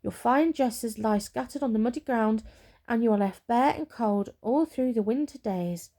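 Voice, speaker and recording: A woman voicing a proud, boastful fir tree that turns grumbling and sorry, in a soft whispered role-play. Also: a little high, moderate pace. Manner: grumbling, self-pitying.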